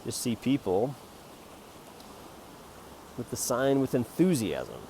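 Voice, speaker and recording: A man rambling jokingly about his photo prints in a self-promoting monologue, jumping between loud bursts and quiet mutters. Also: mid-range voice, big pitch swings, takes it slowly, a little hiss or hum. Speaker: amateur photographer selling prints.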